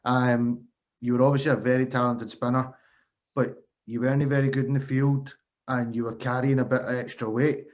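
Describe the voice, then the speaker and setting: A man's voice: medium pitch, level tone, moderate pace, darkish tone. Man asking friendly interview questions. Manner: friendly, conversational.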